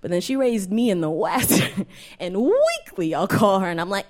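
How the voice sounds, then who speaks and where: A young adult woman performing a live stand-up set in a small venue, animated and self-mocking, often laughing at her own jokes. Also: mid-range voice, slow, pauses often. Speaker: stand-up comedian.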